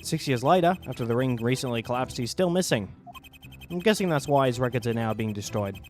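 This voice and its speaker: A man's voice: mid-range voice, animated, fairly quick, darkish tone, natural voice. A man putting on a blunt Australian detective. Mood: explaining. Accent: put-on Australian. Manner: casual, says "mate". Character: laid-back Australian male detective, blunt and offhand.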